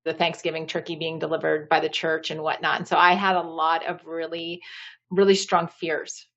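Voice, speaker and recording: A woman's voice: low-pitched, flat delivery, moderate pace, a bit bright. Candid woman coach, slightly muffled audio. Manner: candid, uses many fillers like "you know". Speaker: guest, marriage coach. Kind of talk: podcast interview storytelling.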